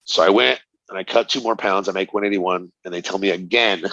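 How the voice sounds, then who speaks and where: A middle-aged man with a fairly low voice recounts his fighting days in a casual interview. He tells it animatedly, acting out other people's lines and laughing along. The recording is dull and lo-fi with a dry, close sound. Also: brisk, no room sound. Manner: animated storyteller, acts out quoted dialogue, laughs often. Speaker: interview guest, retired fighter.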